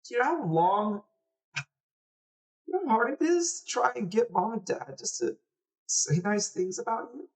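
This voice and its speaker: A man voicing an upset young boy who shouts accusations through tears, heard from a distant mic. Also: extremely high pitch, expressive, normal speed, long pauses, pitched above the performer's own voice. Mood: hurt, angry.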